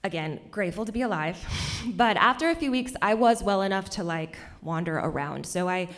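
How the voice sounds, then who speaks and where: A young woman telling a personal story on stage at a cultural center, animated and laughing often between lines. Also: mid-range voice, fairly quick.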